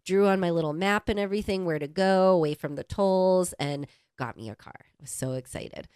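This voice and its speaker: A young adult woman co-hosting a podcast, telling a travel story in animated, casual chat and swearing freely. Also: fairly low pitch, a little fast, smooth, no echo, studio quality. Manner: animated storyteller who swears and acts out quotes. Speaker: podcast co-host.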